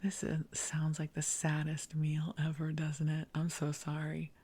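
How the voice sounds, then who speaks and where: A middle-aged woman hosting a sleep podcast, rambling softly in a half-whisper and laughing at herself. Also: low-pitched, completely flat delivery, measured pace, breathy edge. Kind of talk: soft bedtime rambling.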